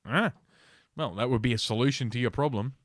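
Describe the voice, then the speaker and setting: A man in a podcast host's chair, reading news aloud and breaking off into sardonic, profane comments, tripping over words as he goes. His voice sits at an ordinary pitch and sounds close and dry, with no echo. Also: fairly quick. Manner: sardonic, profane, reads articles with stumbles. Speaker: podcast host.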